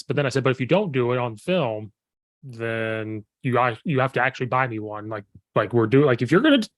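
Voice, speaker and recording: Casual podcast host: man, slightly hoarse, animated storyteller, dry close sound. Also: medium pitch, brisk, no echo. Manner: animated storyteller, quotes himself, laughs often. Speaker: podcast host and football coach. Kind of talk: casual chat.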